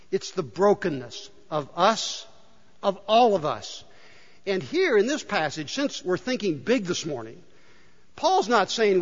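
Pastor, male, lively high-ish voice, emphatic sermon delivery, dull, echoey church recording. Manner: emphatic, rhetorical questions to the congregation. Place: church sanctuary. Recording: dull, reverberant church hall.

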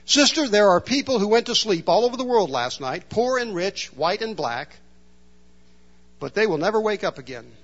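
A man preacher plays a wise old grandmother, stern and solemn as she admonishes. Her voice sits high and earnest. The sermon recording sounds muffled. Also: very animated, moderate pace, fairly bright tone, heavily acted. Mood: admonishing. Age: older.

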